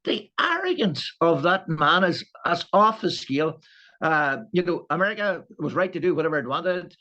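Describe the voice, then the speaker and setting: A man's voice: a little high, very animated, moderate pace, sharp tone. A man in casual conversation who rambles and restarts his sentences often. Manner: rambling, many restarts and stammers. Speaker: co-host. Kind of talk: casual chat.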